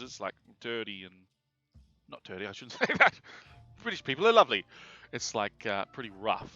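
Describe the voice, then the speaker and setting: A man's voice: medium pitch, wildly swooping pitch, normal speed, long pauses, bright, forceful tone, no room sound. A man with an Australian accent giving chatty, sweary live commentary while he plays a game. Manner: chatty, swears freely, reacts aloud to the game. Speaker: game streamer. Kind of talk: casual live gameplay commentary. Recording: dull lo-fi stream audio with game music.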